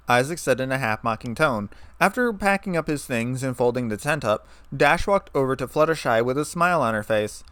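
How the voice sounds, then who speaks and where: A man reads a fan story aloud in a steady, even narrating voice. His pitch is middling for a man. The recording is dry and close, with no room sound. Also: brisk, hardly any pauses, clean tone, dry recording.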